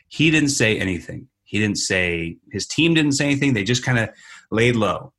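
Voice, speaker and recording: Podcast co-host, male, husky voice, emphatic and animated delivery that slips into little impressions; casual opinion talk. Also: on the low side, brisk. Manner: emphatic, acts out quoted people, frequent restarts.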